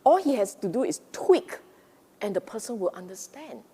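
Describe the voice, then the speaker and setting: A woman's voice: medium pitch, big pitch swings, normal speed, dark tone, slightly rough, long reverb tail. A woman teaching Dharma in an emphatic way, often repeating and rephrasing herself and acting out the inner voices of the mind. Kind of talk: Buddhist Dharma talk.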